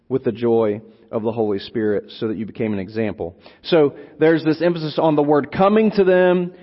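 A man preaching an expository sermon, teaching slowly and deliberately, lingering on single words and repeating phrases for emphasis. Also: fairly high pitch. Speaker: preacher teaching on a Bible letter. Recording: long hall reverb, dull lo-fi sound.

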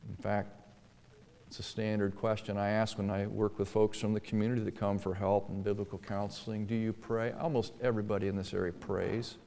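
A pastor delivers a sermon in an echoing church hall, speaking briskly in a fairly low, creaky, mellow voice with a level tone. Earnest, he swells and drops his voice for emphasis and acts out pleading quotations.

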